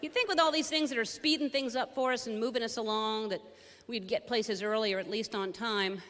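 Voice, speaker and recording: A woman's voice: fairly high pitch, fairly even intonation, fairly quick, fairly bright tone, long reverb tail. A woman doing observational stand-up on a theater stage, wry and questioning in her delivery. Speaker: stand-up comedian.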